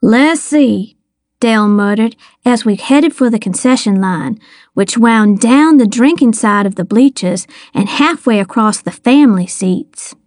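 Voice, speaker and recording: A woman reading a first-person story with wry, deadpan humor. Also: on the high side, a little slow, no room sound, clean studio sound. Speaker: audiobook narrator.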